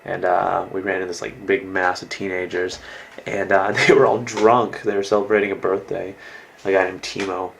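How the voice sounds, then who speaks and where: A man's voice: deep voice, level tone, normal speed, vocal fry, a little hiss or hum, rough recording. A young American man rambling through a casual video diary as an exchange student, full of likes and ums and casual swearing. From United States. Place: indoors in a host family's house.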